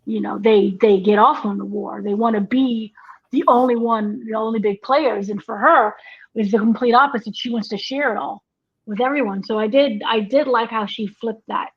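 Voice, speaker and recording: A woman's voice: on the high side, moderate pace, husky. A woman co-hosting a casual TV review chat, talking it through and acting out lines from the show. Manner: conversational, acts out quotes from the show. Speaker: entertainment editor, co-host. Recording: dull lo-fi audio.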